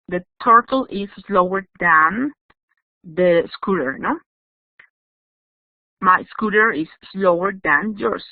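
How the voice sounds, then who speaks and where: A woman's voice: medium pitch, no room sound. A woman teaching English grammar in an online class, explaining patiently and checking in with "yes?". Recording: dry, tinny phone-like audio.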